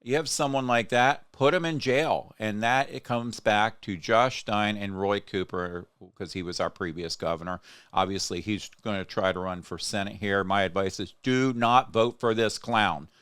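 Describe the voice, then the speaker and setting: A man's voice: lowish voice, normal speed, a bit bright, clean tone, no room sound, clean studio sound. A man hosting a casual political podcast, rambling and getting heated and indignant. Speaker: podcast host.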